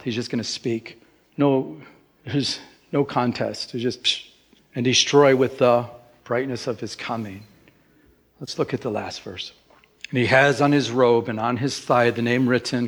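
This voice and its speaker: A middle-aged man, a pastor, preaching a sermon with lively emphasis that rises in pitch.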